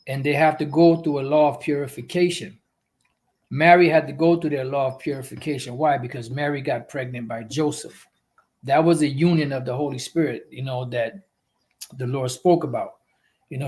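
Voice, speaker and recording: A man with a somewhat high voice preaches scripture on a livestream. He rambles and circles back, leaning on "you know" fillers and the odd profane aside. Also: a little mellow. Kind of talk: livestream religious teaching.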